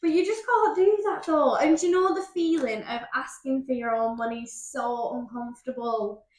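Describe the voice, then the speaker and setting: High-voiced woman, roomy sound. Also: normal speed, a crowd in the background. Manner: sympathetic, chatty. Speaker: podcast co-host. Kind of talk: casual chat. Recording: roomy echo.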